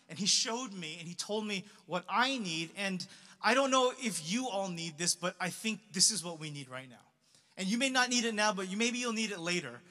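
A young man delivers a sermon in a high, bright voice, talking casually with lots of "like" and restarts. His voice rings out with a long reverb. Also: lively intonation, brisk. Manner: casual, conversational preaching with many fillers and restarts. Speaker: pastor. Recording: reverberant hall.

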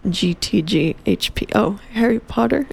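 A woman's voice: medium pitch, animated, a little slow, gravelly, husky. A woman co-hosting a podcast, chatting casually and giggling as she reads out an unboxing to her co-host. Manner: giggly, chatty, reads aloud with playful flourish. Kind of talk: casual chat during an unboxing.

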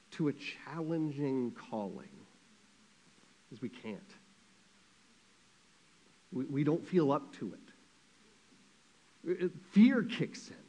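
A man preaching a sermon as a pastor, telling a story in a lively, conversational way with quick asides. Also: on the high side.

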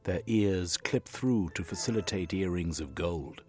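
A man narrating an audiobook with measured, expressive storytelling. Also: low voice, faint music behind. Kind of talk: audiobook reading.

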